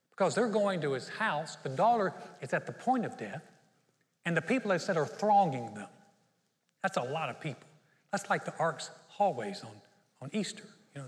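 A man's voice: fairly high pitch, big-room sound. A man preaching a sermon as pastor, telling a Bible story and acting out its people. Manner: storytelling, acts out the Bible characters.

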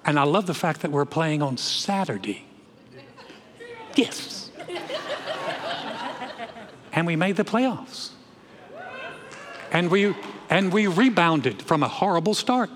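A man preaching from the pulpit, folksy and animated, his voice sitting a bit high. He doubles back on his words and rallies the congregation. The sound carries a long reverb from a church hall. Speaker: pastor. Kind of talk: sermon. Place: church sanctuary.

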